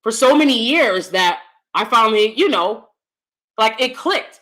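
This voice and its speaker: Animated high bright-voiced woman host. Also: measured pace. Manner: animated, laughs often, swings loud and soft. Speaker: channel host. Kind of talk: casual live-stream chat.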